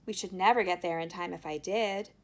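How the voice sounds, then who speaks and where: A woman voicing a brisk, eccentric male chocolate maker who talks quickly and bossily. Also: lowish voice, fairly even intonation, close to an everyday voice. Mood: eager. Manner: quick, bossy, triumphant.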